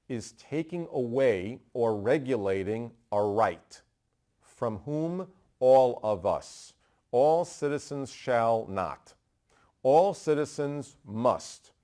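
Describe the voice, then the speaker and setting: A man from New York teaching a bar exam review, fast and emphatic, asking rhetorical questions and answering them himself. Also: mid-range voice, darkish tone. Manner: brisk and emphatic, repeating key terms. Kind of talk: energetic law review lecture.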